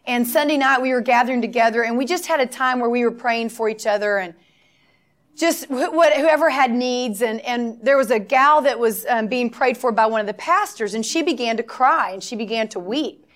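Woman preaching a lively, emphatic sermon. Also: fairly high pitch, normal speed. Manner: storytelling with acted-out dialogue, emphatic repetition.

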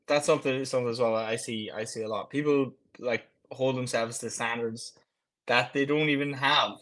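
Man, coach, casual chat, quick talker, blunt, frank. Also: medium pitch, steady tone, fairly bright tone. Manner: blunt, frank about clients' form. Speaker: fitness coach, podcast co-host.

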